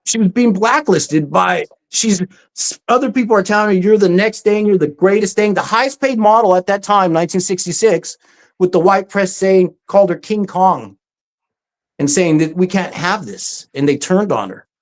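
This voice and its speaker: A presenter giving a casual, story-driven talk over slides, often pausing with "um" and acting out quoted speech. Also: medium pitch. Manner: frequent ums and restarts.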